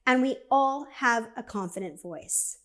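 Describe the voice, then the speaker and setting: A woman giving a conversational motivational talk, energetic and direct, acting out inner voices as she speaks. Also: fairly high pitch, unhurried. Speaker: speaker and coach.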